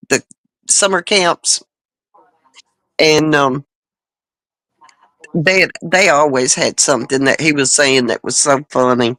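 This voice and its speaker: A woman's voice: very deep voice, a bit bright, no echo, rough recording. A woman hosting a casual panel chat, telling rambling stories and chuckling often.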